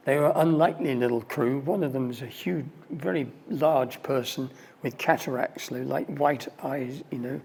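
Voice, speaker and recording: An older man tells a story in a relaxed, conversational way, speaking as a mentor. His voice sits in the middle range, with faint ambient noise behind him. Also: medium pitch. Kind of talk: storytelling talk.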